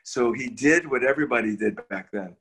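An older man, a guest in an interview, tells a personal story in a casual, animated way, often restarting words and chuckling as he goes. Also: medium pitch, brisk.

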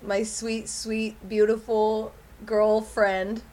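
A woman co-hosting a casual chat, telling stories in an animated way and laughing often. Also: fairly high pitch, drawn-out words. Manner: animated storyteller, acts out shouted quotes, laughs often. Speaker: podcast co-host.

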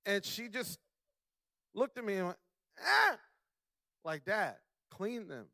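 High-voiced, emphatic young preacher man. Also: animated, no room sound, clean studio sound. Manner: emphatic, slowing down to stress key words; builds to loud, high-pitched preaching. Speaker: pastor; father. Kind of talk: sermon.

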